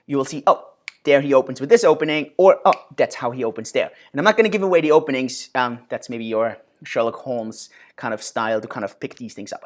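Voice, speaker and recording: A man in his thirties hosting a casual Q&A and answering viewer questions, animated, with many fillers and restarts. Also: medium pitch. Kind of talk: casual Q&A monologue.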